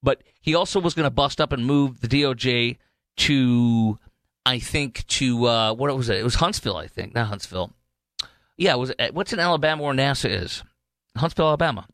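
A man's voice: mid-range voice, a little fast, fairly bright tone, no room sound. Male talk radio host, rambling opinionated monologue, dry close studio sound. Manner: rambling, digressive, mocking impressions.

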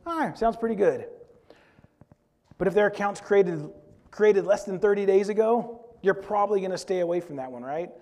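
A man's voice: high-pitched, a little fast, darkish tone. A man preaching a sermon in a conversational way, often asking the congregation questions. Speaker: pastor.

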